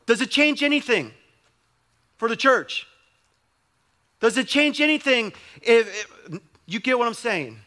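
A man's voice: very high-pitched, lively intonation, unhurried, pauses often, bright, forceful tone. A young adult male pastor preaching a sermon in a conversational way, with emphatic repetition.

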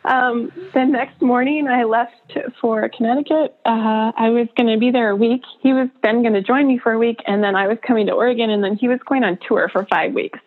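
Interview guest, woman, birth photographer: emotional and halting, with frequent laughs, on a tinny phone-like line. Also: a little high, steady tone. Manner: emotional, laughs often between halting phrases. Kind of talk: personal storytelling in a podcast interview.

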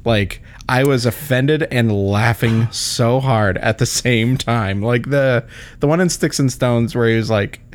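A man's voice: mid-range voice, unhurried. A man in casual podcast chat who agrees readily, laughs often and rambles with lots of fillers.

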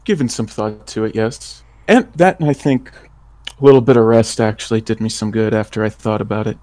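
A man playing in a tabletop role-playing game, talking in a relaxed, rambling way and laughing often. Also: on the low side, fairly quick. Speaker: player.

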